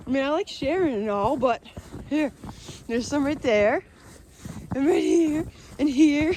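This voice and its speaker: A woman's voice: high voice, expressive, slow pace, pauses often, a little mellow, a little hiss or hum. A young woman vlogging outdoors in the snow, playful and chatty as she coaxes her dog, a little out of breath. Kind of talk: casual vlog playing with her dog.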